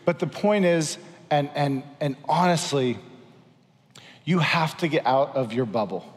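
A man preaches a sermon, earnest and urging, driving points home by repeating them. His voice sits a little high for a man. The sound rings with the long reverb of a large hall. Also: expressive, unhurried. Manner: earnest, exhorting, repeats for emphasis. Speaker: pastor.

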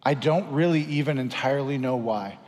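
A man's voice: mid-range voice, normal speed, a little mellow, in a large hall. A man preaching a sermon as pastor, earnest and exhorting, repeating lines for emphasis.

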